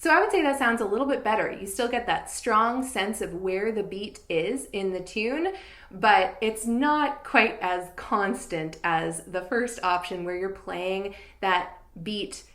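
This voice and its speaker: A woman teaching fiddle, explaining in a clear and patient way and counting beats aloud. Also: mid-range voice, a little slow, a bit bright, reverberant, soft background music. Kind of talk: instructional tutorial.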